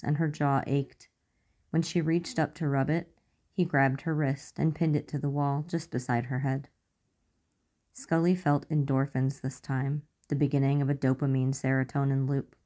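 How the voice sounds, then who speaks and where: A woman narrating romance fan fiction aloud in a measured, soft storytelling manner. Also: low voice.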